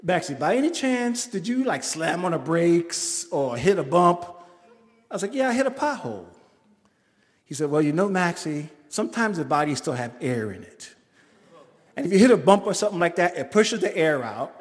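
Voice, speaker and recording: Man, storyteller on stage, lively, does the voices, high voice, echoing hall. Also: normal speed. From the Bronx, New York. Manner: animated, acts out the voices of people in the story.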